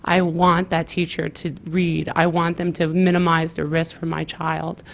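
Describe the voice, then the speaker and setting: Parent at the podium, a woman with a lower voice, emotional and anecdotal. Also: little pitch movement, a little slow, gravelly. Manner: emotional, retelling a story with quoted dialogue. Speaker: public commenter, parent. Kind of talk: public comment at a meeting.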